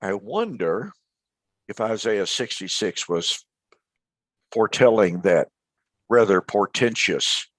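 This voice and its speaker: A man's voice: on the low side, animated, takes it slowly, pauses often, dry recording. A man co-hosting a casual Bible study show, retelling history with emphatic, dramatic storytelling. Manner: emphatic storytelling, builds to loud dramatic quotes. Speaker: co-host of a Bible radio show.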